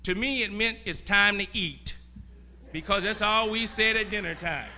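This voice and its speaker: A man preaching as a guest pastor, talking in a conversational way, laughing and swinging from quiet asides to loud emphasis. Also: high-pitched, normal speed. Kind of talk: sermon.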